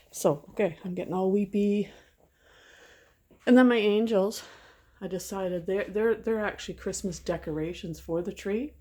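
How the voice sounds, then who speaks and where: A woman's voice: mid-range voice, moderate pace, warm tone. A middle-aged woman chatting casually at home in a rambling, sentimental vlog. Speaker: vlogger. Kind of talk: casual chat.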